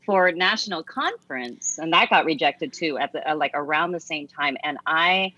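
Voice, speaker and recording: A woman in her forties from the United States, a teacher and author, reflects on her own story in an earnest, casual interview. Her voice is low-pitched, animated, bright, and forceful at a moderate pace. The recording is dry, with no room sound, and slightly dull.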